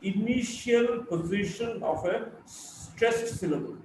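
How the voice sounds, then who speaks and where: A man teaching a live phonetics class, slowly drilling word lists and explaining stress rules. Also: high voice, a little mellow, recorded from a distance, a little hiss or hum. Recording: echoey room, voice from afar.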